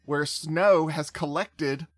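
A man as game master, explaining the rules deliberately with many fillers. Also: a little high, no room sound.

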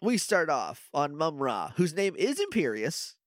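Lively, laughing male podcast co-host. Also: on the high side, a little slow, dry recording, studio quality. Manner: rambling, self-deprecating, laughs often. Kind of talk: casual podcast chat.

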